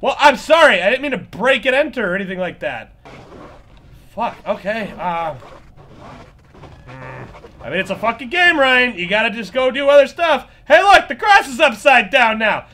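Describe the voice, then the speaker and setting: A man's voice: extremely high pitch, sing-song, moderate pace, sharp tone. A man giving nervous, joking, profanity-laced commentary while playing a horror game. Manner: jumpy, swearing, nervous joking asides. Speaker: gaming channel host.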